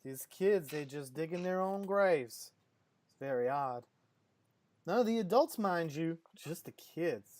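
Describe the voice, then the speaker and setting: A woman's voice: low voice, lively intonation, a little slow, a little mellow. A woman voicing a folksy, fussing townswoman who gushes over visitors.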